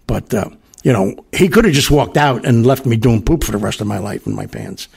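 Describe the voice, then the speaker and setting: Older guy hosting a podcast, raspy and gravelly, rambling along with lots of uh and you know. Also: mid-range voice, animated, a little fast, a little mellow. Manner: rambling, full of fillers and asides. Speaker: podcast host. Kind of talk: casual storytelling monologue.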